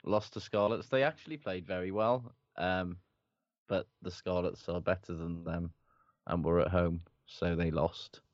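Deep-voiced, dry male podcast host. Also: steady tone, unhurried, no echo, dull audio. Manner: dry, wry, understated. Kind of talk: casual chat.

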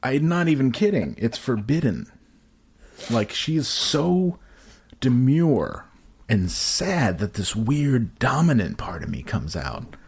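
A man's voice: mid-range voice, big pitch swings, takes it slowly, darkish tone, slightly rough. A man telling a crude, rambling comic story in casual podcast chat, full of fillers and restarts.

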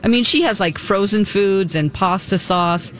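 A woman's voice: medium pitch, moderate pace. A woman co-hosting a radio talk show, telling a story animatedly and acting out what people said. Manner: animated, laughing, acting out quoted lines.

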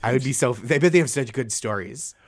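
A man co-hosting a podcast, rambling and joking in casual chat. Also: fast. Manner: rambling, joking, wildly swinging pitch. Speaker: podcast co-host.

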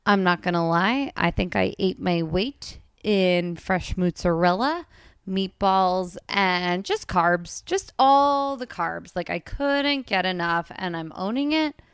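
A woman's voice: on the low side, expressive, slow, clear, resonant tone, no room sound, studio quality. Giggly chatty woman podcast host. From New Jersey. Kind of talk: casual podcast chat.

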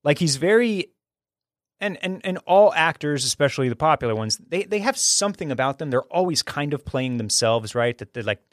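A man's voice: fairly high pitch, lively intonation, a little fast, dry recording, studio quality. A man hosting a casual chat about a film, talking with enthusiasm and often restarting his sentences. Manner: enthusiastic, talkative, frequent restarts. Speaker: podcast host reviewing a film.

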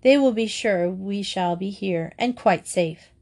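A sensible senior schoolgirl who talks in a steady, reassuring way, as a woman voices her in a storybook. Her tone stays even and calm. It is a level-headed delivery. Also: medium pitch, measured pace.

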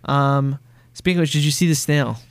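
Gravelly man chatting on a podcast. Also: mid-range voice, fairly even intonation, brisk, dry recording. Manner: chatty storyteller who acts out bits of scenes. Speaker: podcast co-host. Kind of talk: casual chat.

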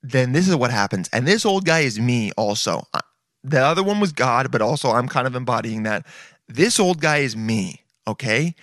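With an expressive, fairly bright mid-range voice at a moderate pace, a man in his late twenties offers casual reaction commentary, cursing often and repeating "dude." The recording is dry and clean, studio-grade, with music in the background.

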